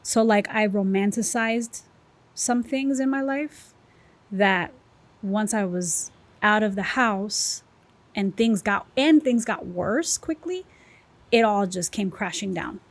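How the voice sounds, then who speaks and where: Woman podcast guest, candid and emotional, personal testimony, animated storytelling. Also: mid-range voice, slow.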